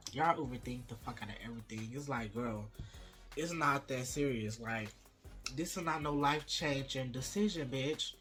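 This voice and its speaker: Young man, casual eating vlog, sassy and blunt, swears freely, faint music behind. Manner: sassy, profane, expressive with wide pitch swings. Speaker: vlogger host. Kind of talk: casual mukbang chat to camera.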